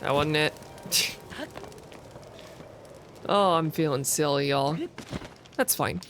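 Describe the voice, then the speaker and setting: Male game streamer: bright, slightly high voice, puzzles aloud with light self-mockery over faint music. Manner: musing aloud, self-mocking, quick laughs. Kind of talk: casual let's-play commentary.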